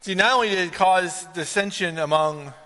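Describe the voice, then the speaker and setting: A man gives a sermon in a relaxed, storytelling way, his voice fairly high and bright. He lifts into emphatic, pressing questions when he drives a point home. A long reverb from the church hall trails each phrase. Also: moderate pace. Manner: conversational, rises to emphatic questions. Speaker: pastor.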